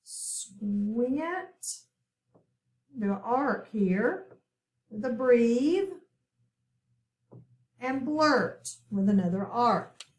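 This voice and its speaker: A woman teacher giving a step-by-step phonics lesson to children, speaking slowly and clearly. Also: on the high side, animated. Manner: slow, clear, step-by-step instruction. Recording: echoey room, far from the mic, noisy.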